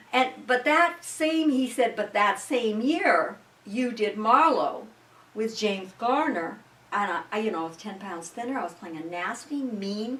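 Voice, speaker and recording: Older woman from Iowa, roomy distant sound. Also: medium pitch. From Sioux City, Iowa, US. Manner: halting, restarts sentences, lively storytelling. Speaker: guest, actress. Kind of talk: rambling interview chat.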